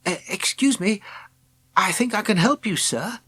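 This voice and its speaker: Man putting on a young boy, high piping voice, polite, eager, a bit timid, storybook. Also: lively intonation, unhurried, husky, no echo, exaggerated voice. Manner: bright, polite, a little timid.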